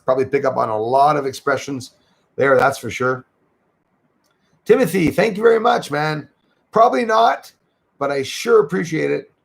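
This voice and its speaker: A man's voice: on the high side, moderate pace, gravelly, pauses often. A Canadian man hosting a casual livestream, chatting loosely and thanking viewers by name as he reads their comments. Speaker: livestream host.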